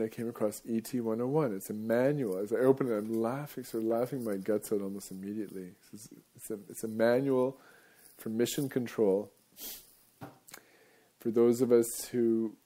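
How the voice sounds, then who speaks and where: A man's voice: fairly low pitch, dark tone. A male radio host talking in a casual, rambling monologue, wandering off topic and chuckling often.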